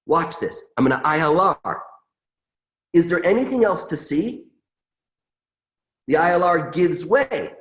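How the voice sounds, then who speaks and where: Earnest middle-aged male presenter, animated pitch, heartfelt and repetitive. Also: a little slow, pauses often. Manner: earnest, emotive, repeats mantras. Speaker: webinar presenter. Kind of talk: emotional live demonstration.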